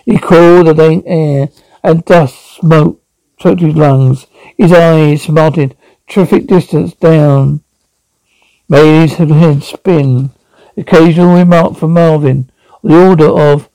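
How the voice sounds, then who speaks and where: A man's voice: fairly high pitch, fairly even intonation, slow, warm tone, dry recording, rough recording. A man reading an audiobook aloud, often stumbling and correcting himself. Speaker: audiobook reader. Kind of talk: audiobook narration.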